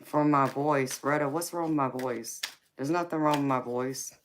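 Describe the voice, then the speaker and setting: A woman hosting a tarot live stream with a raspy voice. She answers viewers in a casual, forthright way and calls them baby and honey. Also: very deep voice, steady tone, moderate pace. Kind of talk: casual live-stream chat reading comments. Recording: clear background noise.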